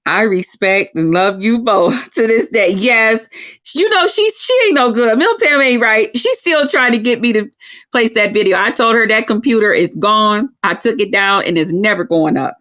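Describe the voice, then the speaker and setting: A woman hosting a casual livestream chat, telling stories in a profane, animated way. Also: fairly high pitch, moderate pace. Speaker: livestream host. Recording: lo-fi dull sound.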